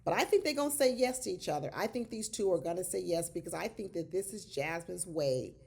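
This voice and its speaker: A woman giving casual, animated commentary on a reality show, exclaiming and talking straight to her viewers as y'all. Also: fairly low pitch, fairly quick, gravelly, breathy edge.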